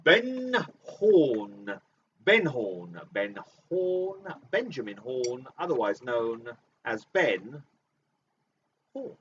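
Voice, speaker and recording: Theatrical man calling bingo, lively pitch. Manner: theatrical, drawn-out repeats of names, sweary asides. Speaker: bingo host. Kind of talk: comic live-stream bingo calling. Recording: dull distant mic with faint noise.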